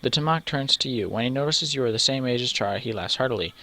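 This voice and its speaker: A man's voice: medium pitch, quick pace, bright, forceful tone. A man reading a text adventure game aloud, stumbling over names and breaking off for joking asides. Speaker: let's player.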